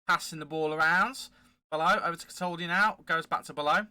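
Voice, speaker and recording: Man, let's play commentary, chatty and excitable, sharp bright tone, slightly high voice. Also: a little fast, smooth, dry recording. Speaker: gaming channel host.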